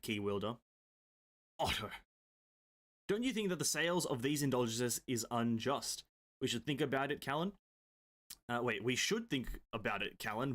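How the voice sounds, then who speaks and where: A man hosting a gaming video, reading game manga aloud with excitable, profane reactions and stumbling over words. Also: mid-range voice.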